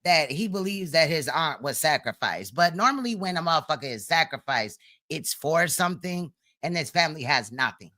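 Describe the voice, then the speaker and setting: A man's voice: a little high, animated, normal speed, sharp tone. A man hosting a livestream, reacting with sassy, gossipy commentary. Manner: sassy, gossipy remarks with laughs. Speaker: livestream host.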